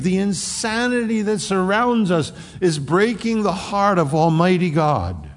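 A male pastor preaching a sermon. He swings between emphatic, rising outbursts and hushed, low asides. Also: very animated, measured pace, hardly any pauses. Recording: long reverb of a large hall.

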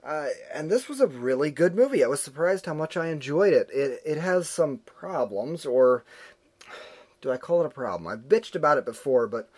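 A man's voice: on the high side, animated, moderate pace, darkish tone. A man hosting a movie podcast who talks casually, ranting and joking in a strongly opinionated way. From United States. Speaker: podcast host. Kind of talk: casual movie review chat.

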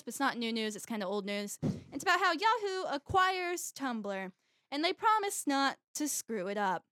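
Halting young woman co-hosting a chat. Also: high voice, big pitch swings, bright, forceful tone, no room sound, studio quality. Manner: hesitant, searches for words, lots of fillers. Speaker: podcast co-host. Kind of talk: casual chat.

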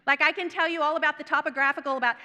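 Woman preacher, high bright voice, storytelling sermon with hushed lows and emphatic highs, echoing chapel. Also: fairly even intonation, very fast. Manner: storytelling, swinging between hushed whispers and emphatic bursts. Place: seminary chapel. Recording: long reverb of a chapel.

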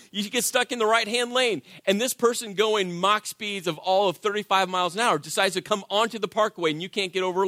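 In church, a pastor preaches with a high voice, animated and conversational, frequently asking the congregation "right?" He swings between shouted emphasis and soft, intimate moments. The recording is dry and studio quality.

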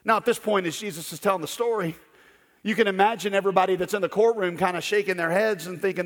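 A male preacher with a fairly high voice delivers an emphatic sermon, rising to loud declarations and dropping to hushed storytelling. His voice rings out with a long echo through a large hall. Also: fast. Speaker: pastor.

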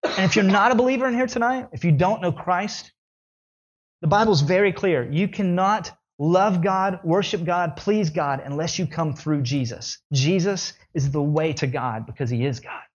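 A man preaching a sermon in an animated way, his voice climbing high when he voices the questioners. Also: normal speed, slightly rough, highs cut off.

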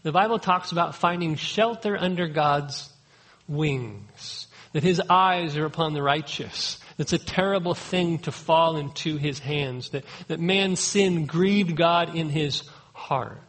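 A middle-aged man delivers a sermon with earnest emphasis and pleading repetition. His voice sits a little high and sounds husky. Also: unhurried, a bit bright, poor audio. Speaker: pastor.

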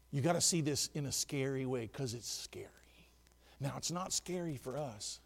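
A man preaching a sermon as pastor, swinging from hushed asides to shouted lines. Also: mid-range voice, animated, normal speed, vocal fry. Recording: church hall with long reverb.

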